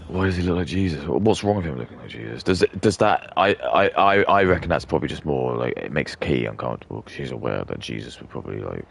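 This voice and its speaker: A man's voice: very deep voice, expressive, fast, vocal fry, few pauses, slightly rough. A man rambling crudely and opinionatedly in casual commentary while he streams a game. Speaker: gaming streamer.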